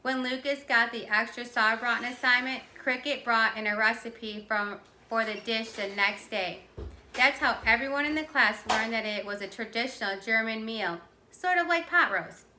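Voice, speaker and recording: A woman teacher reading a children's chapter book aloud with clear, expressive storytelling. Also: on the high side, normal speed, echoey room, a little hiss or hum. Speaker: teacher reading to her class.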